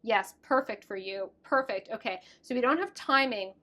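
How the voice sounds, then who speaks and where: A woman's voice: on the high side, moderate pace, bright, forceful tone. A woman in her thirties giving a casual tarot reading to camera, talking in an affectionate, gushing way. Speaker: tarot reader.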